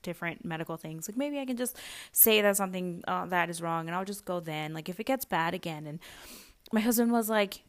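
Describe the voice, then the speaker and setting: A young adult woman hosting a podcast, telling a personal story in a chatty way, with lots of fillers and little laughs. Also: on the low side. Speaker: podcast host.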